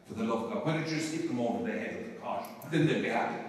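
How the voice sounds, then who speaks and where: An Irish man, a Catholic priest, giving a talk to a live audience, emphatic, swinging from loud urging to quiet asides and often repeating words. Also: medium pitch, animated, very fast. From Ireland. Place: large parish hall. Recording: very echoey hall, distant mic.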